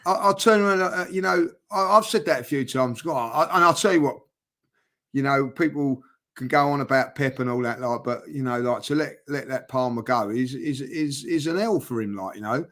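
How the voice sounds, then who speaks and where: A man hosting a football chat show. He stumbles over repeated words and fills his talk with "you know" and "like". His voice is bright and forceful. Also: mid-range voice, moderate pace. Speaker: channel host. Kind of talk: casual football podcast chat.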